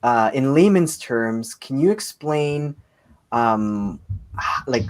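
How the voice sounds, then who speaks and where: An excitable man hosting a casual online interview at a mid-range pitch. He laughs easily and keeps the conversation moving. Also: takes it slowly. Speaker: podcast host.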